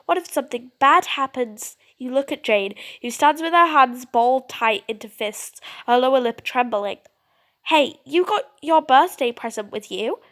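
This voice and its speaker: A young woman playing a story game, reading the narration aloud in an expressive, dramatic way. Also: high voice, moderate pace. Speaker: gaming creator.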